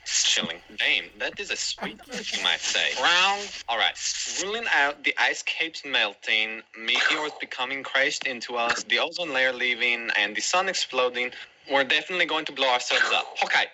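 A man's voice: medium pitch, expressive, moderate pace, noisy background. A man narrating a comedy video in a sarcastic, mock-casual tone. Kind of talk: comic scripted narration.

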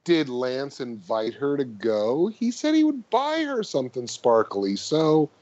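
A man's voice: mid-range voice, sing-song, a little slow, darkish tone, slight background noise. A man who jokes wryly as a podcast guest. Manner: joking, wry, playful. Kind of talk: casual chat. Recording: dull lo-fi sound.

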